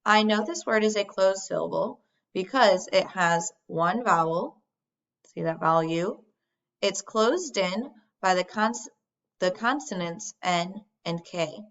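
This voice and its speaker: A woman teacher giving a recorded phonics lesson, speaking slowly and deliberately as she models sounds for young children. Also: mid-range voice, fairly bright tone. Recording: dull lo-fi sound.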